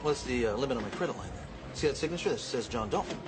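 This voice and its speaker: A man's voice: mid-range voice, expressive, very fast, noisy background, natural voice. An actor playing a firm, pushy man who gives orders in a TV drama. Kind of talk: TV drama acting.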